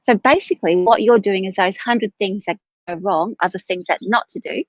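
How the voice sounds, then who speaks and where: A woman's voice: medium pitch, normal speed, no echo. Woman tarot reader on a live stream, tired and talkative, mid-range voice, muffled and dry audio. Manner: chatty, rambling, self-correcting.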